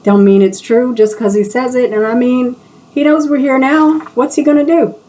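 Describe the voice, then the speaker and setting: A woman voicing a sharp-tongued, nosy woman hairdresser who teases and pries. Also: lowish voice, fairly even intonation, fairly quick, distant mic, natural voice. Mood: needling. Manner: prying, mocking.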